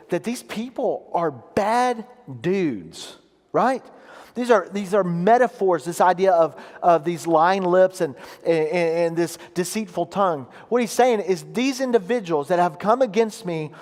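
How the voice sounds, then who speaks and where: A man delivers a sermon from the pulpit, his voice sitting high for a man. He explains scripture with emphatic, weighty stresses. Long reverb trails off each phrase in the sanctuary. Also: darkish tone. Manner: emphatic preaching, reads scripture aloud with slow weighty pauses. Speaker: pastor. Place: church sanctuary.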